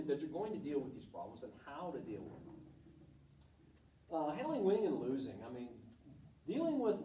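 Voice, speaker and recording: A man's voice: high-pitched, dark tone, distant mic. Blunt man in an echoey room. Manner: candid, blunt, storytelling with acted quotes. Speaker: volleyball coach giving a talk. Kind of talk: informal presentation to students.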